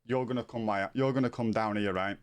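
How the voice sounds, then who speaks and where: A man's voice: fairly low pitch, steady tone, fairly quick. A man with a Scouse accent from Liverpool, chatting casually while streaming a game, eager and insistent, swearing often. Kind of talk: casual gaming chat.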